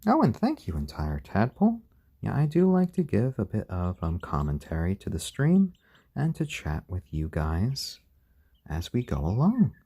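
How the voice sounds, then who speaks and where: A man with a lowish, husky voice hosts a relaxed live stream at home. He talks gently and fondly to his baby chickens between chatting with viewers, his voice warm and mellow and rising and falling a lot. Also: measured pace. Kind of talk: casual live-stream commentary.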